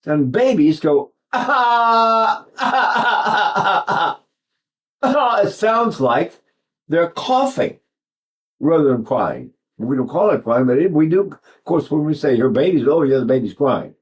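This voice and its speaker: A man's voice: on the high side, very animated, normal speed, a little mellow. A man in his eighties giving an informal singing lesson, rambling and digressive, often breaking off to demonstrate vocal sounds. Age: 80s. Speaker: voice teacher.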